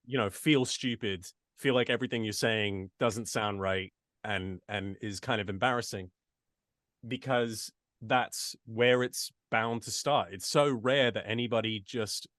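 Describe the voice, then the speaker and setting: In a relaxed interview, an American-born voice actor who speaks with an English accent keeps restarting and going off on asides. His voice is lowish and a bit bright, at a measured pace. The studio-quality audio has no echo.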